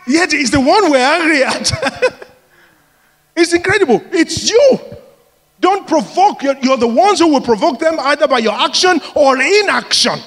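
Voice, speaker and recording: A man preaching a sermon, telling personal stories in a lively way and laughing often. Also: very high voice, moderate pace. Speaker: pastor. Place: large church hall. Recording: long reverb of a church hall.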